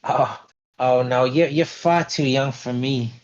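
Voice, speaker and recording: A man's voice: a little high, measured pace, voice pushed up, natural voice. A man doing a fluttery, dramatic lady dancer. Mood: amused. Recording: dull lo-fi stream audio.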